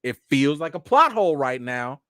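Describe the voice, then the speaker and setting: Very animated at a normal speed, this host has a medium-pitched, fairly bright voice, captured clean in a studio with no room sound. Reacting to and reviewing a TV episode in a live chat, he keeps things casual with plenty of "you know" fillers.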